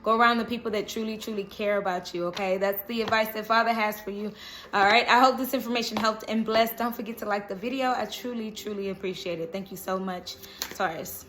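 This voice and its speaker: A woman's voice: mid-range voice, steady tone, brisk, fairly bright tone, a little hiss or hum. A woman giving a casual, reassuring tarot reading to camera, often checking in with "okay?". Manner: chatty, reassuring, frequent "okay?" check-ins. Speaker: tarot reader.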